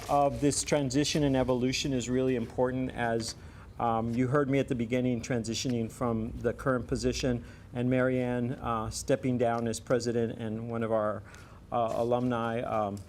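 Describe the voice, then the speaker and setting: A man hosting a community event and giving a speech, halting and often correcting himself. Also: medium pitch, darkish tone, slight background noise. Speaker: event host.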